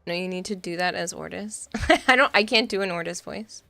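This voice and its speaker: Playful young woman streamer with gravelly edge. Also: on the low side, fairly quick, bright, forceful tone, no room sound. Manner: playful, laughs often, teasing. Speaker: game streamer. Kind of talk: casual livestream chat. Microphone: studio mic with pop filter.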